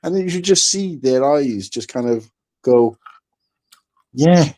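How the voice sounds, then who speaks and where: A man from the United Kingdom co-hosting a casual livestream chat, telling animated stories and swearing freely. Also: mid-range voice, moderate pace.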